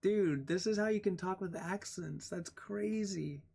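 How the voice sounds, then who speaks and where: A young man reading a textbook aloud with casual asides, pausing to spell out words letter by letter and getting excited over odd spellings. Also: high voice, vocal fry, slightly rough. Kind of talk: casual read-aloud with commentary.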